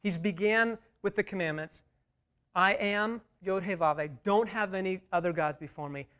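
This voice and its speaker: A man's voice: high voice, moderate pace, fairly bright tone, clean tone. A man leading an interactive Bible study, emphatic, repeating key words and putting questions to the group.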